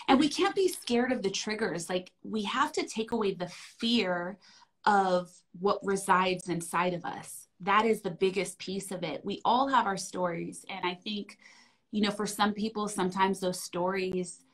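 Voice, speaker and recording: A woman in her thirties talks in a heartfelt conversation. Her voice sits at a middle pitch and stays gentle and affirming. She has a soothing, nurturing way of speaking. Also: a little slow, poor audio. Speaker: wellness guest.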